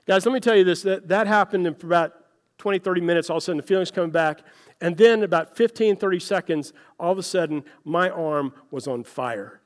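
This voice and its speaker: A man with a fairly high voice gives a relaxed, story-driven sermon, talking to his congregation like friends. His words ring out into a large hall with a long reverb tail. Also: fairly quick. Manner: folksy storytelling, addresses listeners as "guys". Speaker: pastor. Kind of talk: conversational sermon.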